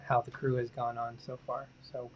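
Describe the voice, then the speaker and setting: A man's voice: mid-range voice, monotone, normal speed. Man reading live chat, lo-fi sound. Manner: reads out chat comments, laughs easily. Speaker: co-host reading viewer comments. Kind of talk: casual chat. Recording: dull lo-fi livestream audio.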